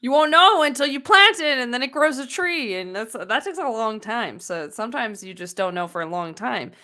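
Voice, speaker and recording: A woman shares her views in a casual discussion, her voice bright and forward. She reflects earnestly, hedging now and then as she thinks aloud. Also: a little high, expressive, moderate pace. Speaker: co-host.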